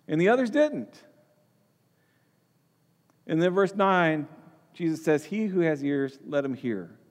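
A man teaches from the Bible, his voice sitting high for a man. He talks in a loose, conversational way, repeating words as he goes and putting questions to his listeners. A long reverb trails after his words. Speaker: preacher.

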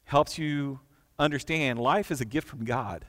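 A man's voice: medium pitch, unhurried, a bit bright, in a large hall. A man preaching a sermon as a pastor, earnest, with repeated words and rhetorical questions. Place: church.

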